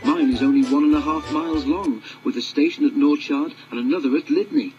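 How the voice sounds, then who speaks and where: A man voicing a steady, good-natured male engine who tells a cautionary tale in a calm, kindly way. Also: a little high, fairly quick, natural voice. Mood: chatty. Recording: dull lo-fi audiobook with music.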